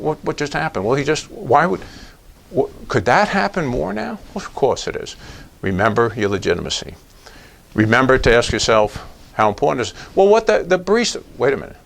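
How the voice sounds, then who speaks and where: A man's voice: mid-range voice, vocal fry. An older man who is a police trainer, giving a training lecture to agency leaders with emphatic, rhetorical delivery. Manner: emphatic, animated, asks rhetorical questions.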